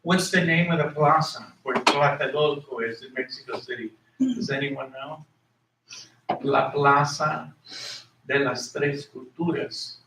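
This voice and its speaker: A history lecturer teaches a class in an echoey room, his voice captured from a distance amid background noise. He speaks slowly and slightly high, explaining terms, going over each one again, and spelling words out.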